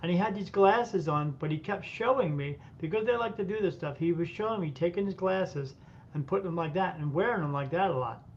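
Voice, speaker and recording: A man, a medium, telling a lively story as a podcast guest, acting out the voices of people in it. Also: fairly quick. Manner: animated anecdotes, acting out quoted voices. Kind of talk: casual storytelling. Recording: muffled audio with faint rumble.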